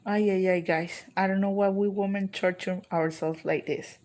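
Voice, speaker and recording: A woman's voice: medium pitch, fairly even intonation, moderate pace, a little mellow. A Colombian woman with a Colombian accent chatting casually on a livestream, answering viewer comments and switching between English and Spanish. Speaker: livestream vlogger.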